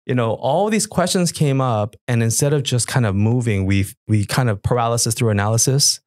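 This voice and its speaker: A man's voice: fairly quick, no echo, clean studio sound. A middle-aged man, a guest on a podcast, telling stories and acting out old conversations. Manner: animated, acts out past dialogue with lively pitch jumps. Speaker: guest, worship musician. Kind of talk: casual storytelling interview.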